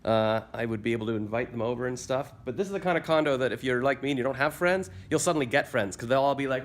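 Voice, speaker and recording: A man's voice: mid-range voice, fast talker, few pauses, a little hiss or hum. A man with a joking, self-mocking manner, hosting a casual walkthrough of a condo unit indoors. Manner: playful, self-mocking, exclamatory. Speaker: host touring a condo.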